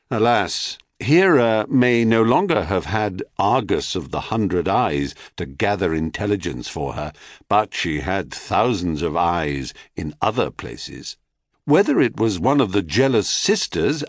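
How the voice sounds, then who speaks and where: Brief: male narrator, unhurried, very lively pitch, dry close sound, wry storytelling. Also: no room sound. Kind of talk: scripted audiobook narration.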